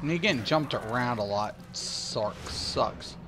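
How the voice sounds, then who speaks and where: A man's voice: mid-range voice, animated, measured pace, over music. A man from Ohio, casually chatting on a livestream while he plays a game, rambling and joking as he reads chat aloud. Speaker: streamer.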